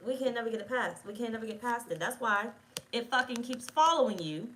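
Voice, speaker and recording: A woman's voice: fairly high pitch, lively intonation, brisk, fairly bright tone, slight background noise, rough recording. A woman giving a casual tarot reading, talking bluntly and straight to the viewer and swearing freely. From United States. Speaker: tarot reader.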